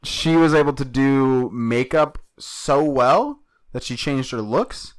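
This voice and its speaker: A man's voice: medium pitch, slow. A man co-hosting a comedy podcast in a middling voice. He laughs a lot and eagerly spins jokes out of the chat. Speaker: podcast co-host.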